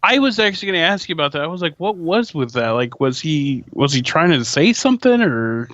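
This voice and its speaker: Casting: male podcast co-host, bright higher voice, swoopy and jokey, dull lo-fi mic. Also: fairly quick, no echo. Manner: animated, joking. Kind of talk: casual movie review chat.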